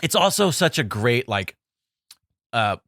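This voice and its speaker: A man co-hosting a podcast in casual conversation, chatty and quick to react, with plenty of fillers. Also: mid-range voice, very animated, a bit bright, no room sound, studio quality. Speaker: podcast co-host.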